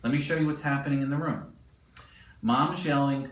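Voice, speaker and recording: A man giving a classroom lecture, animated and quizzing the class as he explains. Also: medium pitch, fairly quick, pauses often. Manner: animated, asks the class questions. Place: lecture room. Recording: echoey room, mic at a distance.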